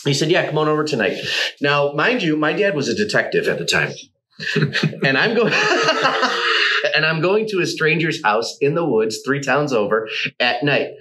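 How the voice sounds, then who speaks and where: A middle-aged man in a relaxed interview, spinning long personal stories with lots of laughter and the odd curse word. His pitch jumps around as he acts out the people in his tales. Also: moderate pace, rough recording. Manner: animated, swearing, laughing often while telling anecdotes. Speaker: guest artist. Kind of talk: casual storytelling interview.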